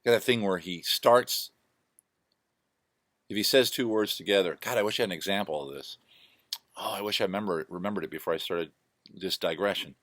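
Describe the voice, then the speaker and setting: This man's voice is low-pitched and a little fast, with long pauses and a fairly bright tone, captured dry and at studio quality despite coming through a laptop microphone. A vlogger talking casually to camera at home, he rambles off on tangents and makes fun of himself.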